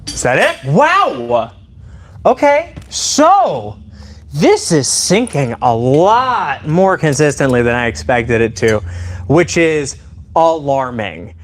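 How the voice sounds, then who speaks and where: An excitable man talks straight to his live-stream viewers in a playful, running commentary. His voice sits a little high and swings widely up and down as he reacts. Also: slow pace. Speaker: live streamer demonstrating weapons.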